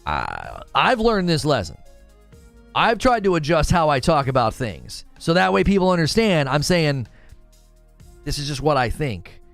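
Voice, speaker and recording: A man runs a casual gaming livestream and argues his case to chat with lots of energy, his pitch swinging up and down as he restarts sentences. His voice sits a little high for a man. Soft music plays faintly behind him. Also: a little slow, gravelly, no echo. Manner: animated, argumentative, restarts mid-sentence. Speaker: gaming commentator and show host.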